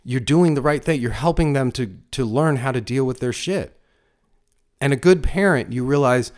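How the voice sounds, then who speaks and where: A man's voice: medium pitch, normal speed, darkish tone. A middle-aged man and father giving blunt, crude life advice in a motivational monologue, full of emphatic rhetorical questions.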